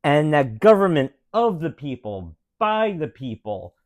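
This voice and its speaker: A solemn 1860s statesman , as a parent puts him on for the kids delivers a speech at a crawling, deliberate pace. The pitch still rises and falls with feeling. The sound is dry and close, like a quiet room at home. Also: sing-song, no echo. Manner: slow, grave, with drawn-out pauses. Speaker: parent reading aloud to children. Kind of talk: dramatic reading of a famous speech.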